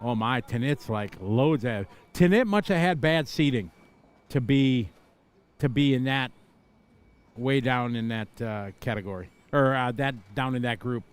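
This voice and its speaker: A middle-aged man doing live play-by-play commentary at an outdoor racetrack. He is chatty and excitable, laughing and shouting out crashes as they happen. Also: mid-range voice, unhurried, clear, resonant tone. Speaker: race commentator.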